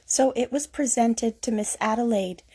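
A woman reading a rhyming picture book aloud in a lilting, gently expressive way. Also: fairly high pitch, normal speed, slightly rough. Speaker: storyteller.

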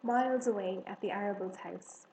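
A woman narrating a children's storybook in a measured, gentle manner. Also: medium pitch. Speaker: audiobook reader. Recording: roomy echo, faint hiss.

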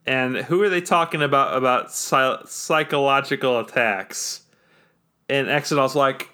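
A man's voice: mid-range voice, a little slow, bright, forceful tone, clean tone. A man narrating a tabletop role-playing session as game master, rambling with many fillers. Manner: rambling, full of fillers and restarts.

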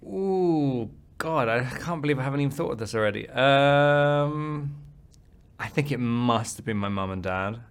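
A man with a British accent answering interview questions, thinking aloud with pauses and ums. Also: medium pitch, animated, smooth. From Britain. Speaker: interview guest, actor.

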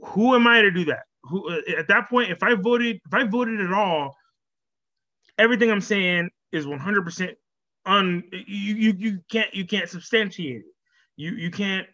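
A man with a fairly high, bright, forceful voice talks casually to his online audience. He is animated, laughs a lot and often stumbles over repeated words. The recording sounds dull and lo-fi. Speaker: vlogger. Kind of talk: casual talk to camera.

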